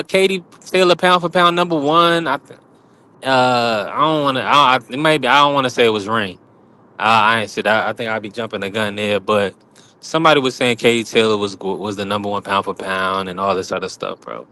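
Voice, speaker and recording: A man hosting a casual livestream panel, relaxed and laughing, throwing out shout-outs in slang. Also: medium pitch, fairly quick. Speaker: host.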